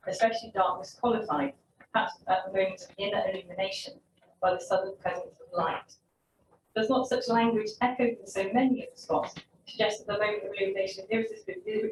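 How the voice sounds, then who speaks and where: A woman's voice: medium pitch, a little hiss or hum. A young woman, a PhD researcher, reads her essay on poetry and adds wry, reflective asides. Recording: roomy echo, mic at a distance, faint ambience.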